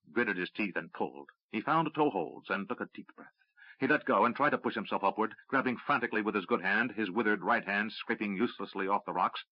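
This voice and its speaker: A man narrating a fantasy audiobook in a steady, measured reading. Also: on the low side, dry recording. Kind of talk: scripted narration. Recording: dry, slightly dull audiobook recording.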